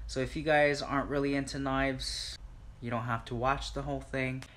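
A man's voice: medium pitch, flat delivery, normal speed, a bit bright. Chatty man unboxing a new gadget. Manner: chatty, filler-heavy, addresses viewers directly. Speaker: vlogger. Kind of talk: casual unboxing vlog. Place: home.

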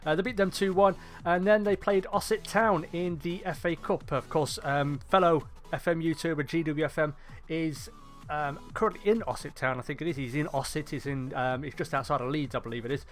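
A man's voice: on the high side, fairly even intonation, brisk, fairly bright tone. Chatty man over faint music. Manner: chatty, rambling, self-correcting, jokey. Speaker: gaming YouTuber. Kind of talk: casual gameplay commentary.

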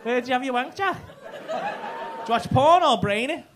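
A man's voice: very high-pitched, wildly swooping pitch, moderate pace. A man doing stand-up crowd work in a comedy club, teasing audience members with lots of swearing. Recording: live club with loud audience noise.

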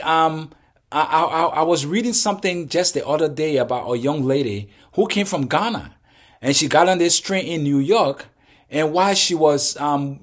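A man, speaking earnestly to his channel's viewers in a preaching tone full of rhetorical questions. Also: fairly high pitch. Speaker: channel host. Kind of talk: direct-to-camera monologue.

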